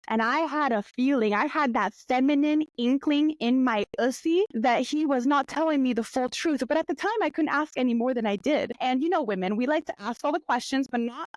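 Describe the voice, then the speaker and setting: A young woman hosting a podcast, chatting and telling stories in a lively way, often jumping up into high voices when she quotes people. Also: no echo. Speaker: podcast host. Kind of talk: casual solo podcast storytelling.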